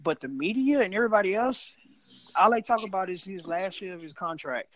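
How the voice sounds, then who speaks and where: A man in casual sports chat on a podcast, making his points in a measured way and weighing both sides. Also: sits high, animated, rough recording.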